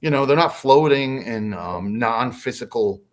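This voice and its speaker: Brief: male podcast guest, casual storyteller, lively swooping intonation. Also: medium pitch, unhurried. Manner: animated, acts out quotes.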